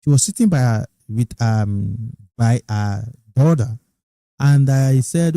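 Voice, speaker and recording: A middle-aged Nigerian man hosting a podcast, telling stories in a lively, casual way. He often repeats and restarts his phrases, and he jumps up high when he quotes excited people. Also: slow pace, no echo. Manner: animated, quoting others in raised excited tones. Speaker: podcast host. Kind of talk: casual storytelling monologue.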